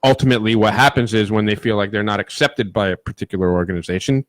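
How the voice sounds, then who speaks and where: A man's voice: on the low side, fast, dry recording. A man co-hosting a casual podcast chat, joking and talking over the others. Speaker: podcast co-host.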